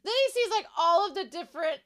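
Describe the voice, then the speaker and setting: A woman's voice: very high-pitched, animated, fast talker, fairly bright tone. A young adult woman recapping an anime episode in casual, chatty talk, full of "like" fillers and gushing reactions.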